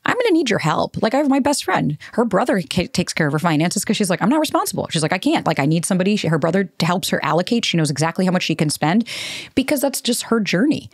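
A woman's voice: on the low side, expressive, fast talker, no room sound, clean studio sound. A woman, hosting a solo podcast and talking candidly, with frequent swearing and rambling asides. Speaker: podcast host.

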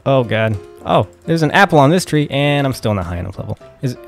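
A young man casually commenting while playing a game, flustered and excitable, often exclaiming and swearing. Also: mid-range voice, fairly quick, creaky, soft background music. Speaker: gaming video host.

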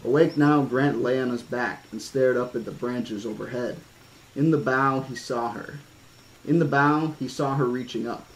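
A man's voice: mid-range voice, steady tone, rough recording. Man reading a horror-toned novel. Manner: measured reading with casual asides. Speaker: audiobook reader.

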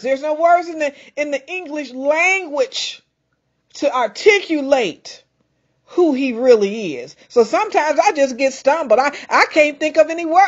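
Fervent high-voiced woman preaching. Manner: fervent, praising, halting at times. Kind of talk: sermon. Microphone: handheld microphone. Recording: slightly dull lo-fi sound.

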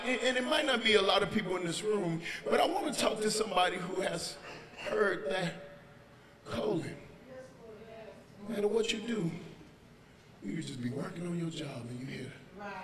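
A man pastor preaching a sermon, telling the story with animated voices and building up to shouts, heard in a large church sanctuary over long reverb with the congregation. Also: high-pitched.

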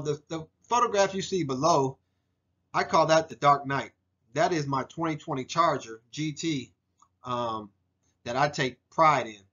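A man's voice: a little high, sharp tone, muffled recording. A man in his forties narrating a photo slideshow presentation for a class, earnest and heartfelt, with frequent ums and restarts. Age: 40s. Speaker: student presenter.

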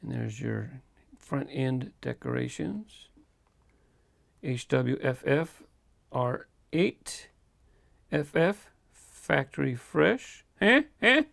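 A man's voice: medium pitch, animated, extremely slow, creaky, pauses often, fairly bright tone, no room sound. A man hosting his own toy car unboxing video, talking in an easygoing, chatty way and chuckling now and then between remarks. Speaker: toy car collector host. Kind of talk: casual unboxing commentary.

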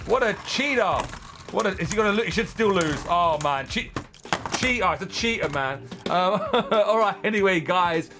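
A young man, chatting casually and exclaiming loudly as he unboxes and tests spinning-top toys. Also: high-pitched, moderate pace. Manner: excitable, chatty, exclaims loudly at toy battles. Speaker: toy reviewer. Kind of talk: casual unboxing and testing commentary.

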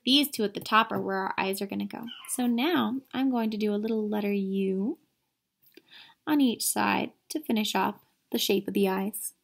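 Here a woman art teacher speaks at a normal speed in a medium-pitched, gravelly voice. She gives children an upbeat online drawing lesson, addressing them with questions and leading them through it step by step.

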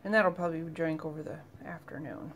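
A woman's voice: low voice, fast. Chatty woman vlogging from home. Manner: chatty, rambling, with fillers and asides. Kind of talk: casual vlog chat. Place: at home in her kitchen. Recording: home video with outdoor noise and mower.

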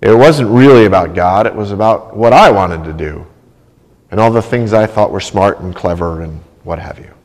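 A man's voice: on the low side, normal speed, darkish tone. A male pastor preaching a sermon, telling a personal story in a conversational way and often checking in with "right?". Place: church sanctuary. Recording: long church reverb.

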